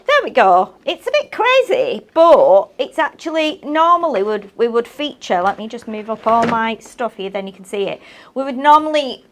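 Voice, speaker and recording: A woman's voice: on the high side, very animated, moderate pace. A woman demonstrating crafts on a live show, talking in a chatty, rambling, self-mocking way. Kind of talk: live shopping craft demo chat.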